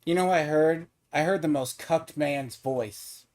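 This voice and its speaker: A man's voice: a little high, unhurried, darkish tone. A man streaming a game, trash-talking and mocking another player in casual, swearing chat. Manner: taunting, mocking, swears freely.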